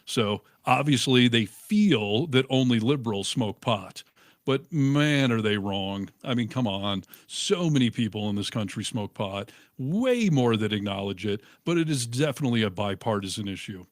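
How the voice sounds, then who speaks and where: Animated storytelling man, dry close mic. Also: medium pitch, normal speed, no echo. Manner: animated storyteller, acts out quotes. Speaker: co-host. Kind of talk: casual political chat.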